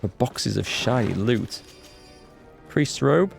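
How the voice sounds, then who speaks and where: A man hosting a live game playthrough, chatty and excitable, greeting viewers in chat. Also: mid-range voice, takes it slowly, vocal fry. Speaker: let's play host. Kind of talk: live gameplay commentary. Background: faint game music.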